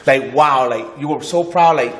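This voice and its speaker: A man hosting a talk show, asking eager questions and jumping in with quick interjections. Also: mid-range voice, fairly bright tone, roomy sound. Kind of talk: casual interview chat.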